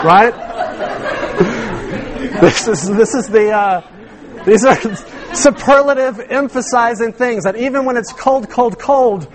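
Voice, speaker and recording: Animated preacher man, high voice. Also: normal speed, some chatter behind. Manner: animated teaching with rhetorical questions and repeated words. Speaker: pastor. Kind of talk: sermon.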